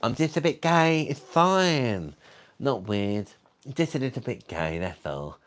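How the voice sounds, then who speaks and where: A man putting on a flamboyant camp voice, an indignant man who insists he is fabulous. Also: sing-song. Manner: slow, affronted and high.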